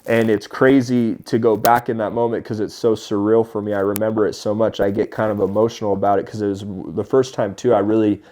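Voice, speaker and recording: Animated man in his thirties telling stories. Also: fairly low pitch, quick pace, few pauses. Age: 30s. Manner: animated, laughs often while telling stories. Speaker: podcast guest. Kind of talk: casual storytelling.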